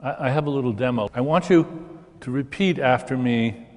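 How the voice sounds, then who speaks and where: A man's voice: medium pitch, moderate pace, in a large hall. An older man in an interview, explaining ideas with enthusiasm and stammering at the start of sentences. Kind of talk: conversational interview.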